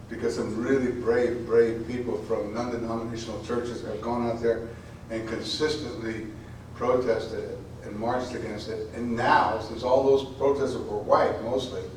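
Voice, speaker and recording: This medium-pitched man is a poet speaking at a college event, where his rambling informal talk full of repeated words gives way to a dramatic, emphatic poetry reading. Slight background noise accompanies the echoey, distant-sounding recording.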